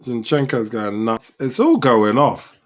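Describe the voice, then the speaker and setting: A man's voice: medium pitch, measured pace. A man hosting a live football reaction, talking over the match and calling out the players. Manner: excitable, shouts at players on screen.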